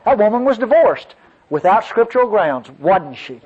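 A man's voice: high-pitched, big pitch swings, normal speed, breathy edge. A man preaching a folksy sermon to his congregation, telling a story and calling out to the listeners. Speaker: pastor. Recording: dull lo-fi sermon recording.

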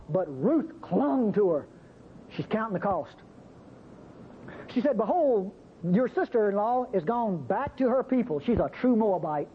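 A man preaching a sermon, acting out the biblical speakers with sudden jumps in pitch. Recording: muffled, faintly noisy old recording.

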